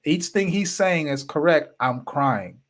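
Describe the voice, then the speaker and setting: A man in his fifties, a podcast host, telling a personal story in an animated, emphatic way with casual slang. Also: on the high side, measured pace.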